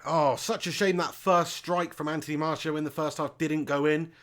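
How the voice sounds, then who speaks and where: Chatty football streamer, higher voice. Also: male voice, fairly even intonation, moderate pace, a bit bright. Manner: chatty, reads out viewer comments, calls them mate. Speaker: football watch-along streamer. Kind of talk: casual live-stream commentary.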